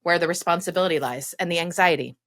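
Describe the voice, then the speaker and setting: Chatty low-pitched middle-aged woman. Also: fast, a bit bright. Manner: chatty storyteller, self-deprecating. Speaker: podcast host. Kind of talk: casual chat.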